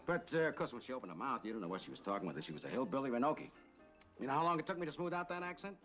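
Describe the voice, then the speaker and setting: An actor playing a brash, fast-talking Hollywood agent in a 1960s film, all animated, wheedling patter. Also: male voice, medium pitch, faint music behind, natural voice. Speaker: talent agent.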